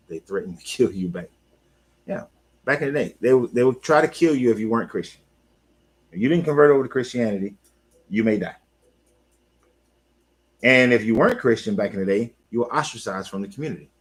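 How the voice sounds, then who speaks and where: A man talking casually on his own, an animated coach who repeats himself and talks back to the listener. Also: on the low side, slightly rough, rough recording. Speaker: life coach. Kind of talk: casual monologue.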